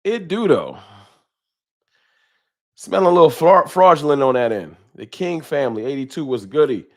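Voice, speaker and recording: A man's voice: fairly high pitch, expressive, normal speed. Casual man hosting a live stream. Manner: greets viewers by name with slang. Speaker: livestream host. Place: home room with a wall sign. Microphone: desk microphone.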